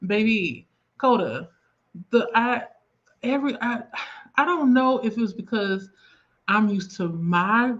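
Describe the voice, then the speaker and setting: A woman's voice: fairly high pitch, animated, slow, long pauses. Casting: rambling, chatty Southern woman hosting a livestream, slightly muffled audio. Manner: chatty, rambling, reads viewer comments aloud. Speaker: livestream host. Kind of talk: casual livestream chat. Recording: slightly dull lo-fi stream audio.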